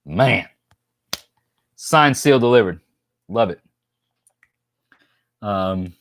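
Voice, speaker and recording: A man's voice: on the low side, takes it slowly, long pauses, no room sound, clean studio sound. A man from New York hosting a casual live stream, joking and rambling as he reads viewer comments aloud.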